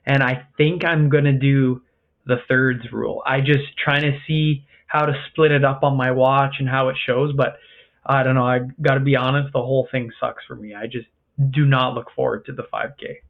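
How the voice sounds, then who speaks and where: A man's voice: mid-range voice, steady tone, moderate pace, vocal fry. A man chatting casually as a co-host, frank and self-deprecating. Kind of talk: casual podcast talk. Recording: tinny phone-like call audio.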